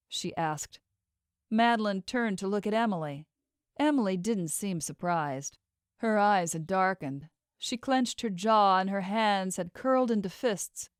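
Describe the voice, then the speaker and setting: A woman narrating a novel as an audiobook in an even, measured reading. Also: medium pitch, smooth, no echo, studio quality. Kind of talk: scripted narration.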